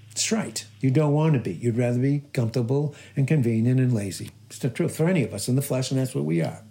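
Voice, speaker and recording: A man's voice: medium pitch, lively intonation, brisk, a little mellow. A man preaching a sermon, emphatic and repetitive, firing off rhetorical questions to his listeners. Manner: repeats and stresses key phrases. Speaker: pastor.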